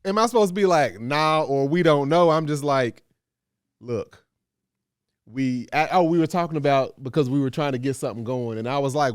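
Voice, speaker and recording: A man, co-hosting a casual chat, telling a story in a rambling, animated way with many restarts. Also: on the high side, moderate pace, clear, resonant tone, no room sound, clean studio sound. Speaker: co-host.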